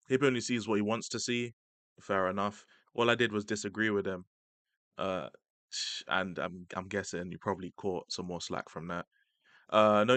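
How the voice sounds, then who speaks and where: A man giving casual, slangy live-stream commentary, laughing often and breaking into excited asides. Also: on the low side, no room sound. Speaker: streamer reacting to a debate.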